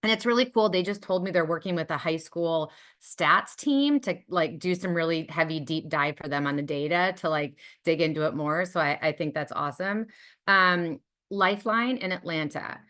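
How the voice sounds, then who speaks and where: A woman with a slightly low voice presents a webinar in a loose, conversational way. She sounds enthusiastic and heartfelt, and her sentences are full of ums and likes. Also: normal speed, fairly bright tone. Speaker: webinar presenter from a dog charity program.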